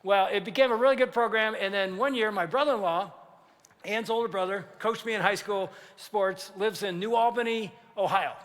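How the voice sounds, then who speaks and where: A man in his sixties preaches in a storytelling way, animating every anecdote and voicing the people he quotes. His voice sits high and sounds bright and forceful. A long reverb from the church hall trails behind each phrase. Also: normal speed. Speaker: pastor. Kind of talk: storytelling sermon.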